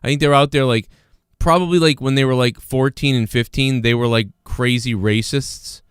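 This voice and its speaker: A man talks through casual livestream commentary in a smooth, clear voice at a middle pitch. He rambles, restarts his sentences and leans on fillers, with a sarcastic, mocking edge as he reads the chat. The sound is dry, with no room around it. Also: fairly even intonation, normal speed, no room sound. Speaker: livestream host reading chat.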